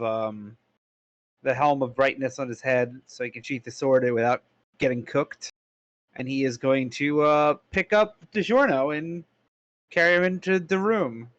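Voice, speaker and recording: A man's voice: medium pitch, fairly bright tone. A man playing a tabletop game, describing his character's actions in a hesitant way, with fillers. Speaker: player. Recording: dull lo-fi mic.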